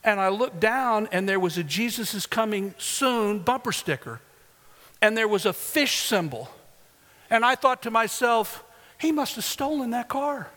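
High-voiced preacher in a reverberant hall. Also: male voice, expressive, a little slow. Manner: storytelling preacher, rising loud for emphasis. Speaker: pastor. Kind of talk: sermon.

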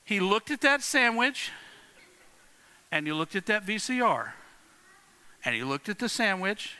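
A middle-aged male pastor with a high, very bright voice delivers a sermon. He tells stories in repeated phrases, drops to a hush and then rises loud. The sound rings with the long reverb of a large hall. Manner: dramatic swings from hushed to loud.

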